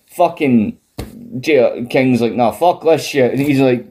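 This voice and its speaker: Profane man, warm dark voice. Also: mid-range voice, a little slow, slight background noise. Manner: profane, animated, laughs often. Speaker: podcast co-host. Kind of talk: casual wrestling podcast chat.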